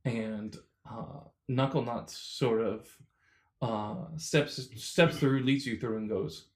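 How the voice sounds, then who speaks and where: A man running a tabletop role-playing game as game master, narrating in a relaxed, halting way with frequent fillers. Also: medium pitch.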